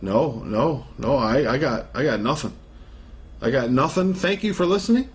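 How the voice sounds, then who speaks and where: A man co-hosting a podcast in casual chat, joking and giving a playful sales pitch. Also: expressive, moderate pace. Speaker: podcast co-host.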